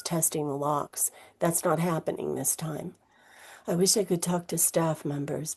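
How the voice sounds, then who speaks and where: A middle-aged woman reading her own memoir aloud in an expressive storytelling manner. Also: low voice. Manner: expressive storytelling, voices quoted speech. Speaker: memoir reader, teacher.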